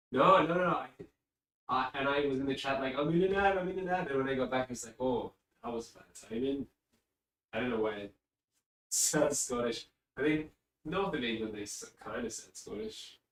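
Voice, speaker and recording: A man's voice: mid-range voice, fairly bright tone. A man streaming live and chatting casually, rambling and easily distracted, sitting far from his mic. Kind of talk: casual livestream chat. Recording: echoey room, distant mic.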